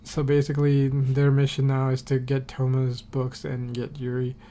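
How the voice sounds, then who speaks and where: A man's voice: mid-range voice, completely flat delivery, moderate pace, dark tone, slight background noise. A man recapping a TV episode on a podcast in a casual, rambling way, full of fillers and casual swearing. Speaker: podcast host.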